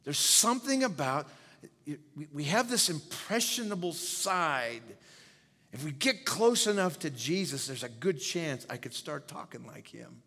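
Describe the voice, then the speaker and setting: A man's voice: a little high, sing-song, measured pace, creaky, pushed and bright, in a large hall. A man preaching a sermon as pastor. He speaks emphatically, repeats key phrases and quizzes his listeners.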